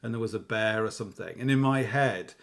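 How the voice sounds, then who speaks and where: Gravelly-voiced man hosting a chatty interview. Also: lowish voice, brisk, a bit bright. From England. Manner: chatty, prompting questions, frequent laughs. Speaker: podcast host. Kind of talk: casual interview.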